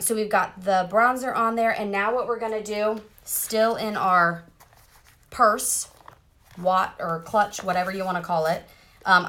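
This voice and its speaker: A woman's voice: mid-range voice, a bit bright. Bubbly woman chatting through makeup. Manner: chatty, bubbly, talks straight to viewers. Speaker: makeup seller doing a live demo. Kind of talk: casual live-stream makeup tutorial. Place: parked car.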